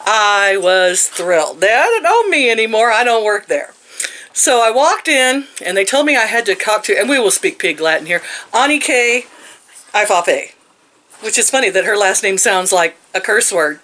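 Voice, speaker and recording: A woman's voice: medium pitch, animated, moderate pace, fairly bright tone. A woman in her sixties telling a story in a casual rant, sarcastic and laughing often. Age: 60s. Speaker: vlogger.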